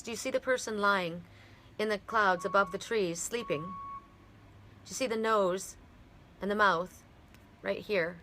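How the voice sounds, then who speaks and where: A middle-aged woman from Canada giving a heartfelt, halting oracle card reading on a live stream. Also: medium pitch, bright, forceful tone, a little hiss or hum.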